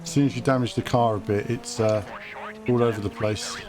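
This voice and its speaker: A man's voice: lowish voice, steady tone, a little fast, over music. A man chatting casually as a game streamer, jokey and rambling. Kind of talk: casual livestream chat.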